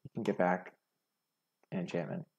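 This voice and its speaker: A young man with a very low, gravelly voice that has a husky edge, chatting casually through his own card game. He thinks aloud and picks apart his own plays as he goes. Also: flat delivery, normal speed, darkish tone, muffled recording. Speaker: gaming streamer. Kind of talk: casual gameplay commentary.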